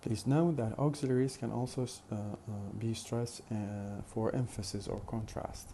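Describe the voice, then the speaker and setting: A man's voice: medium pitch, steady tone, moderate pace, warm tone, a little hiss or hum. A man teaching a phonetics lesson in a methodical way, with many fillers and repeated examples. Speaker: phonetics lecturer. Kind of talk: recorded lecture.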